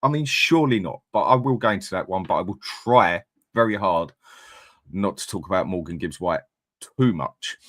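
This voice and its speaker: A man talks casually and bluntly on a live stream, shouting out viewers as he goes. His voice sits fairly low. The sound is dry and close to the mic. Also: lively intonation, normal speed, no room sound. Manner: blunt, chatty, reads out viewer comments. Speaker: fan channel host.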